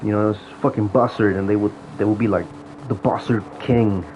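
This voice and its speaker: This man, a gaming vlogger, fires off a casual, foul-mouthed rant about the old days of an online game, talking fast in a lowish, steady voice. The recording sounds dull and lo-fi, with a faint hiss.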